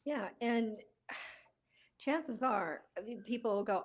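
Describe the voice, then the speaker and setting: A woman co-hosting a podcast, telling animated stories and laughing easily in casual chat. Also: fairly high pitch, slow, pauses often. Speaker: podcast co-host.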